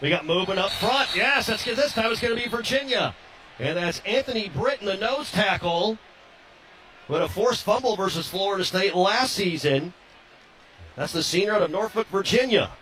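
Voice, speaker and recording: A man calling live college football play-by-play, quick and rising to shouts on big plays. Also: high voice, animated, slight background noise. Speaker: play-by-play announcer.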